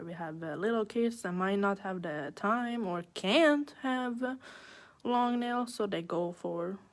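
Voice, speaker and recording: A woman nail artist giving a live online class, chatting casually as she works and thinking aloud with playful little sound effects. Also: mid-range voice.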